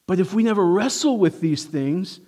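A man preaching a sermon, emphatic and swinging from hushed to forceful, who asks his congregation rhetorical questions. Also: high voice, lively intonation, moderate pace.

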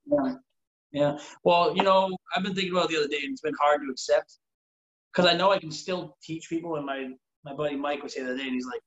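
A fast-talking man with a slightly high voice rambles earnestly through a long casual chat, using "like" constantly and acting out quotes. The recording comes across roomy and dull.

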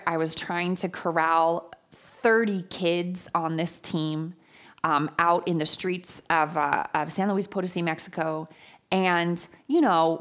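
A woman preaching a sermon, telling personal stories with lively, acted-out quotes. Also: fairly low pitch. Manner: animated storytelling, acts out quotes.

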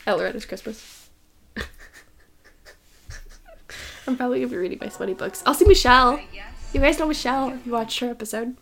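A woman's voice: on the high side, creaky, fairly bright tone. A young woman co-hosting a podcast, chatting casually and giggling through her stories. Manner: chatty, giggly, quick asides. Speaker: podcast co-host. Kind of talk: casual chat.

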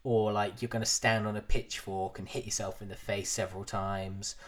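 A man co-hosting a podcast, telling a film's story in an animated, jokey, sweary way. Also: fairly low pitch, moderate pace. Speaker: podcast co-host. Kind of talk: casual film-review chat.

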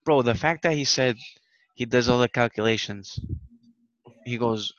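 A man's voice: mid-range voice, moderate pace, dry recording, dull audio. A man co-hosting a podcast, chatting animatedly, repeating words and swearing often. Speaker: podcast co-host. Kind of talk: casual chat.

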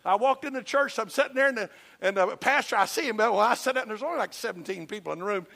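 High, gravelly Southern pastor preaching. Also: male voice, quick pace, pushed and bright. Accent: Southern US (Georgia). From Georgia, US. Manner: folksy, emphatic, storytelling with humor. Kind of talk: sermon.

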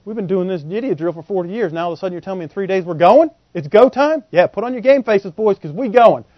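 A man's voice: high-pitched, animated, quick pace, no room sound, highs cut off. A man preaching a sermon in a joking, folksy way, with slang, who often asks the congregation questions.

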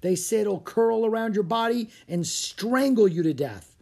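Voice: mid-range voice, big pitch swings, measured pace, breathy edge, voice pushed up, full character voice. An audiobook narrator voicing a superstitious male sailor who tells monster stories dramatically. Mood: spooky. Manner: dramatic, spooky tale-telling.

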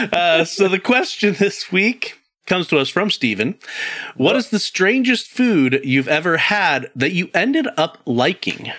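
A man's voice: sits high, sing-song, takes it slowly, pushed and bright, no room sound, studio quality. A man co-hosting a podcast, chatting casually, laughing often and hesitating with fillers. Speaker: podcast co-host. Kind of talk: casual chat.

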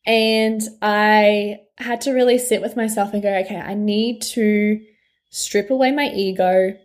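A woman's voice: medium pitch, fairly even intonation, unhurried. A young woman, a life coach talking candidly and frankly in a personal vlog, swearing freely and laughing often.

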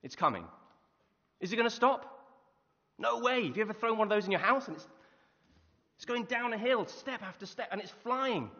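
A man's voice: extremely high pitch, a little fast. A man preaching a sermon in a church, telling stories and asking the listeners questions. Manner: lively storytelling with rhetorical questions. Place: church hall. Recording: muffled reverberant hall recording.

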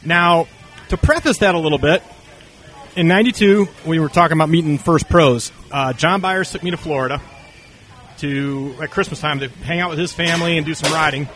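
Animated man telling BMX stories. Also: fairly high pitch, fairly quick, faint music behind. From North Carolina. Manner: animated, acts out quoted dialogue. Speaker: interview guest. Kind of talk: casual storytelling.

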